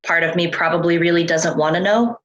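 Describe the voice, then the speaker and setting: A woman from California, a guest on an interview show, telling stories in a chatty, relaxed way with loose fillers. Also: lowish voice, fairly quick, lo-fi sound. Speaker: interview guest, experiencer researcher. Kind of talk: casual conversational storytelling.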